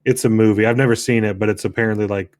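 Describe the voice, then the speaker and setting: A man's voice: on the low side, steady tone, very fast, a little mellow, no room sound, clean studio sound. A young man co-hosting a casual late-night game podcast, rambling with lots of restarts and easy laughter. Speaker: podcast co-host.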